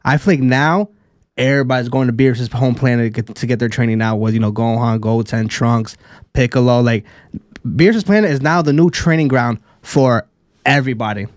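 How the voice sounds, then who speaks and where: A man's voice: medium pitch, fairly quick. Male co-host, loose profane rants, dry recording with no room echo. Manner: loose, exasperated, profane ranting. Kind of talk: casual anime discussion.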